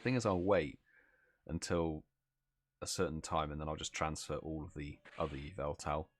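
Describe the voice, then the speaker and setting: Low-voiced tired British man streaming. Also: fairly even intonation, normal speed, no echo, soft background music. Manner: chatty, reads out chat messages, yawns and laughs. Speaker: livestream host. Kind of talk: casual live stream chat.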